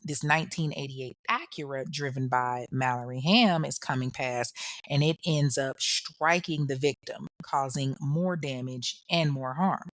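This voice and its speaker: A woman's voice: extremely low pitch, a little slow, no echo, studio quality. A woman hosting a podcast, telling a true crime story in a chatty, slangy way and talking straight to the listener. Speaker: podcast host.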